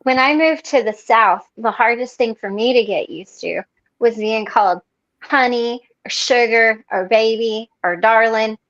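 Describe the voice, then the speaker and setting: A woman tells a story in a high, bright voice, acting out everyone's lines as she goes. Her voice sounds dry and close, and a little dull and muffled. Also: a little slow, no room sound. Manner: animated storyteller acting out quotes. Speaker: meeting participant. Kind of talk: casual storytelling.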